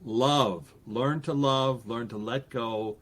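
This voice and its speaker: A man talking as a podcast guest in a casual interview, animated and quick to act out the voices he quotes, often restarting his sentences. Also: mid-range voice.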